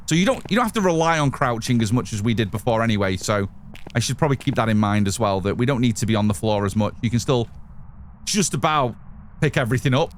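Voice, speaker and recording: A man's voice: mid-range voice, slight background noise. A man giving chatty live commentary as he plays a game, talking to his chat and to himself. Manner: chatty, talks to chat and to himself while playing. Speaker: streamer.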